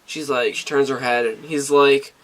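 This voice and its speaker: A man's voice: medium pitch, normal speed. A young man co-hosting a casual chat, recapping TV episodes and acting out the characters' lines. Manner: animated, acts out characters' lines while retelling. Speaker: co-host.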